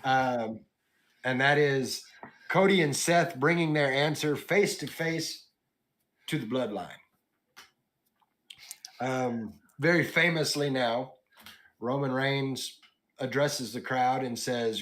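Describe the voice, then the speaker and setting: A man's voice: mid-range voice, slow, pauses often. Casual male wrestling podcast host. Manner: relaxed, recaps with quoted lines and asides.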